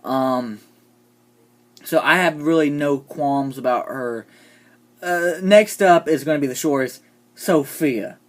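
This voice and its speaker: A vlogger ranting casually about TV characters, opinionated and sarcastic, often trailing off into quiet asides. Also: medium pitch, takes it slowly, pauses often. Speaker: TV show reviewer.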